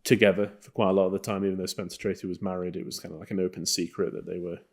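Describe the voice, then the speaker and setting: A man with a deep, low voice talking through classic films on a podcast. He rambles easily, trailing off and circling back with plenty of ums and likes. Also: racing. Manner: relaxed, rambling, many fillers. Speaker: podcast co-host. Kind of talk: casual film review chat.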